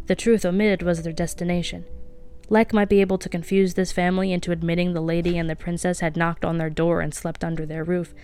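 A woman reading a novel aloud as a podcast host, soft-spoken and lightly voicing the characters. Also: lowish voice, smooth. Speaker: audiobook reader.

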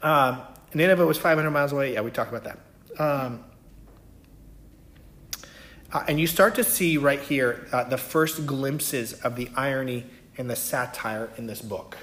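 A man's voice: mid-range voice, measured pace, fairly bright tone. Man teaching scripture in an echoey room. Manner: conversational, many fillers and "right?" checks. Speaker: Bible teacher. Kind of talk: casual Bible teaching.

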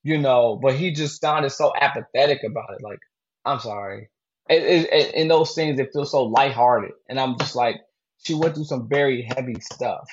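A man co-hosting a podcast chats loosely about a movie, rambling and restarting his sentences. His voice sits at a middling pitch, and the recording sounds a little dull and lo-fi. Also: moderate pace, breathy edge. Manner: rambling, lots of fillers and restarts. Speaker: podcast co-host. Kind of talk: casual movie discussion.

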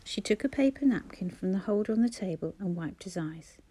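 A woman narrating an audiobook in a measured, expressive way. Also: medium pitch, breathy edge. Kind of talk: scripted narration.

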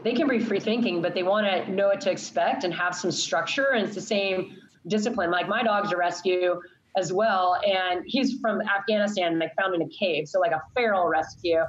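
A woman's voice: fairly low pitch, normal speed, dull audio. A woman who teaches college science, talking earnestly and with strong opinions in a casual chat.

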